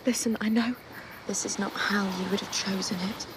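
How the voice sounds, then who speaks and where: An actress playing a young woman who softly and earnestly pleads with a man, in a film clip with background noise. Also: medium pitch, fairly even intonation, brisk, close to an everyday voice. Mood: tender pleading.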